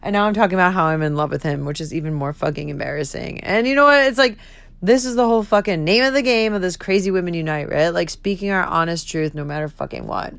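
A woman's voice: fairly low pitch, fast, gravelly, no room sound. A woman in her thirties hosting her own podcast, talking candidly, giggling often and swearing freely. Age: 30s. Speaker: podcast host. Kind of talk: candid solo podcast monologue.

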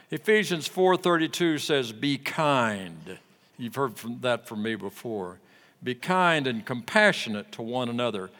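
An older man preaching a sermon, telling folksy stories slowly and lifting his voice on the lines he quotes. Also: medium pitch, fairly bright tone, in a large hall. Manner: slow, folksy storytelling with rising emphasis on quoted lines.

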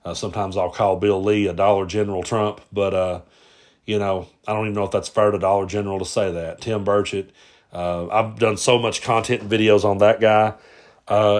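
A man's voice: lowish voice, darkish tone. Rambling man hosting a podcast. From Appalachian Kentucky-Tennessee border. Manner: rambling, frequent "uh" and repeats. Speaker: podcast host. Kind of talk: casual solo Q&A podcast.

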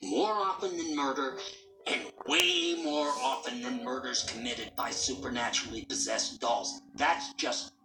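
A man's voice: mid-range voice, a little slow, distant mic, natural voice. An actor playing a small, sneering, foul-mouthed possessed male doll who kills, in a TV drama. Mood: taunting. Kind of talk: TV drama acting. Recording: echoey TV soundtrack with loud music.

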